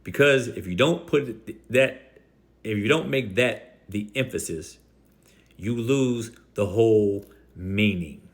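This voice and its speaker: A man hosting a Christian video, rebutting an opponent directly in a combative voice and stressing key words slowly. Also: fairly low pitch. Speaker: Christian apologetics video host.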